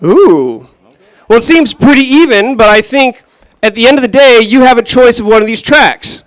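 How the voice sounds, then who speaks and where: Acting as event host and center director, a man runs a live kickoff in a room with an audience, upbeat and joking with the crowd as he explains the rules. His voice is extremely high and fairly bright, with lively intonation at normal speed. The audio is poor but has no echo.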